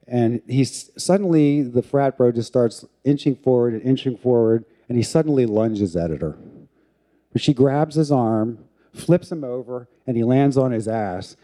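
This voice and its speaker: A man's voice: medium pitch, normal speed, warm tone. A middle-aged man telling a candid, self-mocking personal story to an audience.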